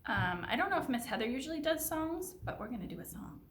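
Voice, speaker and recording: A woman reading picture books aloud to young children at a library storytime, seated indoors, in an animated, sing-song way. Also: high-pitched, fast, echoey room, a little hiss or hum. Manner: animated, sing-song and expressive, talking to kids. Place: indoor room, seated in a chair.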